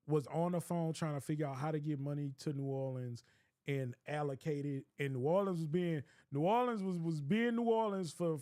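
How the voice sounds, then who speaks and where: A man's voice: fairly high pitch, darkish tone, no echo, clean studio sound. A young man telling a rambling, profane story in casual chat, often breaking into laughter. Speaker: streamer.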